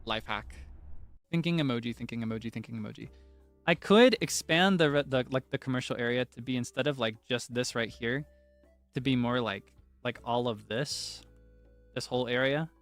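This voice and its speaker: A man's voice: medium pitch, normal speed, fairly bright tone, no room sound, soft background music. A young man streaming, chatting casually in a rambling, self-correcting way with frequent chuckles.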